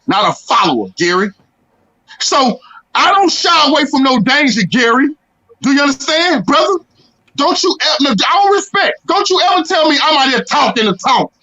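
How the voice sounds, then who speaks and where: Bright high-voiced man, heated and boastful. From Texas. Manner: confrontational, boastful, keeps hammering the other man's name. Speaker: panel guest. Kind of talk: heated panel argument. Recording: dull lo-fi audio.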